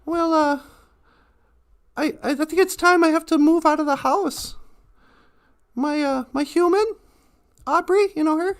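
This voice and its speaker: A woman's voice: high-pitched, measured pace, pauses often. A woman voicing a timid little teddy bear. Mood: worried. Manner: timid, hesitant, stammering. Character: small lost worried teddy bear, male.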